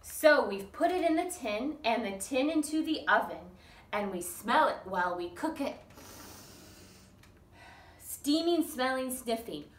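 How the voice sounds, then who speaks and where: Female storytime reader, slow sing-song delivery, coaxing little kids to join in; slightly high voice. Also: expressive, a little hiss or hum. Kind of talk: reading a picture book aloud to young children. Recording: echoey room, mic at a distance.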